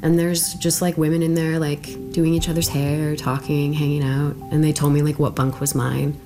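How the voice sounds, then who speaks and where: Woman, young adult, very deep voice, chatty and filler-heavy, interview storytelling. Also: level tone, moderate pace, music in the background. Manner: conversational, full of fillers. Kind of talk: personal recollection in an interview.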